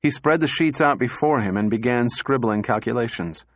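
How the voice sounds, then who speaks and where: A man narrating an audiobook in a steady, even reading voice. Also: mid-range voice, moderate pace, no room sound, clean studio sound.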